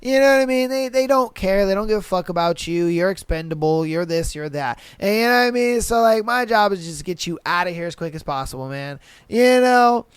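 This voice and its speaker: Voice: medium pitch, animated, brisk, few pauses, smooth, dry recording. A podcast host giving casual commentary on reader posts in loose, slangy talk, swearing freely and acting out annoying customers.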